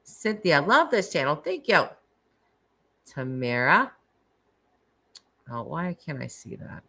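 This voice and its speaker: Woman, middle-aged, live stream host, low voice, chatty and laughing. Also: huge pitch swings, moderate pace, gravelly, sharp tone, breathy edge, poor audio. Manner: chatty, laughs often, restarts. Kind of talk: casual live chat with callers.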